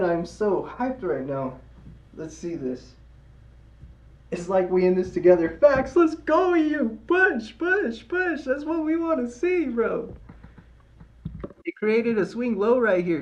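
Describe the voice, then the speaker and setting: A man's voice: sits high, warm tone, roomy sound, lo-fi sound. A young man live-streaming his trading, hyped and slangy, cheering the chart on and sweet-talking it like a lover.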